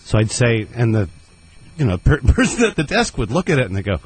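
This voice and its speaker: Rambling comic raconteur, husky man with a very animated pitch, radio guest. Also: fairly quick, low-quality recording. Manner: rambling, self-deprecating, laughs at own jokes. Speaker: comedian guest. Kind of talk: casual radio interview storytelling.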